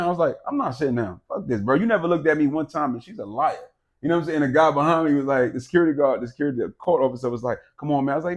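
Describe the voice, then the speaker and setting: A man telling a personal story in casual chat, animated, swearing and laughing, swinging from loud outbursts to low, quiet stretches. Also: racing. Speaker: podcast co-host.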